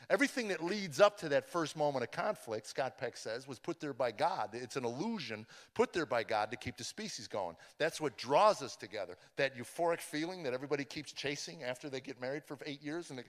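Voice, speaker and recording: A middle-aged man, a comedian, telling his life testimony, swinging from hushed confession to loud, animated storytelling. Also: fairly high pitch, a little fast, few pauses. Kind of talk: personal testimony speech. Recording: long hall reverb.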